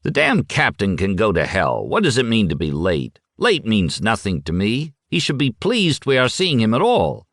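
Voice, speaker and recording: A man reading an audiobook, voicing a brash, boastful loudmouth man in a raised, cocky voice. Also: on the low side, huge pitch swings, no echo, clean studio sound, voice pushed up, full character voice. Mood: grand, boastful. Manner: blustering, quick and cocky.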